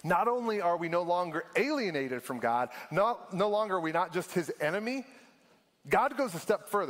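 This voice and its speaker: A man, preaching a sermon in a casual storytelling way that slows down for emphasis. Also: sits high, animated, a bit bright, long reverb tail. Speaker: pastor.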